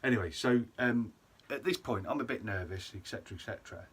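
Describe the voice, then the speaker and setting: A man's voice: mid-range voice, quick pace, husky. A young man casually telling a self-mocking story to camera, full of ums and asides. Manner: chatty, self-mocking, lots of ums and et ceteras. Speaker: vlogger.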